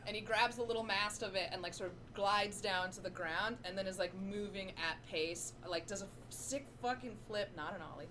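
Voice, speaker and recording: A woman's voice: medium pitch, brisk, few pauses, noisy background. Rambling woman game master. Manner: rambling, casual, swears freely. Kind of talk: narrating a tabletop game.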